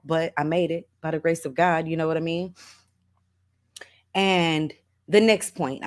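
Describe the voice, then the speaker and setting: A middle-aged woman hosting a casual motivational livestream, reading viewers' comments aloud, laughing often and calling listeners baby and honey. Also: sits low. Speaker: livestream host.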